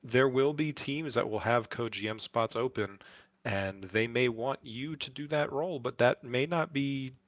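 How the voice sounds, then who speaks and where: A man co-hosting a podcast, giving relaxed, hedging advice in casual talk. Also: medium pitch, measured pace, no room sound. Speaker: podcast co-host. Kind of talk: casual chat.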